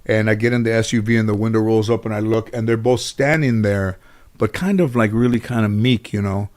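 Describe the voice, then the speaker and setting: A man's voice: on the low side, fairly quick. Rambling storytelling man, interview guest. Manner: rambling, many restarts and "you know" fillers; lively storyteller who acts out other people's lines. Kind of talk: casual anecdotal storytelling.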